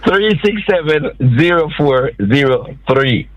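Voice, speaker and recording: A man's voice: a little high, animated, takes it slowly, no echo, dull audio. A man co-hosting a radio show as a comedian, laid-back, chuckling and giving short replies. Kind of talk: casual radio banter.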